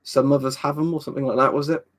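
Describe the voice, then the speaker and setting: A man's voice: mid-range voice, little pitch movement, rapid-fire. Rambling man chatting on a stream. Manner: rambling, swears casually, answers chat questions. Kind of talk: casual live-stream chat.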